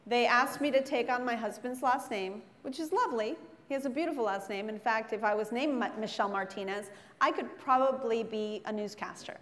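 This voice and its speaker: A woman's voice: fairly high pitch, a little fast, few pauses, a bit bright. A middle-aged woman, a chef giving a frank, joking guest lecture to students in a large hall. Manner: joking, frank, self-mocking asides. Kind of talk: candid motivational talk to students. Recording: long hall reverb.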